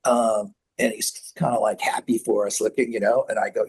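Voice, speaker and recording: A man's voice: fairly low pitch, normal speed, husky. A middle-aged man from the San Francisco Bay Area telling band anecdotes in a casual interview, acting out the voices of people he quotes. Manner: animated anecdotes, acts out quoted voices, laughs often. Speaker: guest musician.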